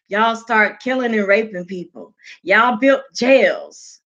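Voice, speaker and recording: A woman's voice: medium pitch, animated, slow pace, fairly bright tone, soft background music. A woman vlogger giving casual, heated, profane commentary in a blunt manner, on muffled lo-fi audio.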